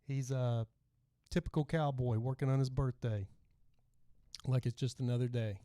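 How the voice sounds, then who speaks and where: A man's voice: mid-range voice, steady tone, moderate pace, mellow, dry recording, clean studio sound. A middle-aged man with a light Texas twang, hosting a casual livestream podcast and rambling as he reads out viewer comments. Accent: Texan. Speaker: podcast host.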